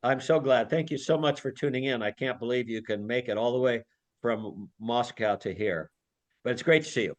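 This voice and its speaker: Man speaker on a video call, chatty and rambling, teases with jokes, mid-pitched voice. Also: normal speed. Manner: rambling and jokey, teasing. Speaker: lecturer. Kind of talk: informal talk on a video call.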